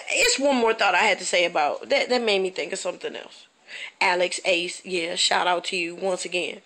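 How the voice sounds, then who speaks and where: A woman in her thirties from the northern Midwest doing a stand-up comedy monologue. She talks in an animated, incredulous way, fires off rhetorical questions and keeps checking in with the audience. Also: lowish voice, normal speed. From northern United States, Midwest.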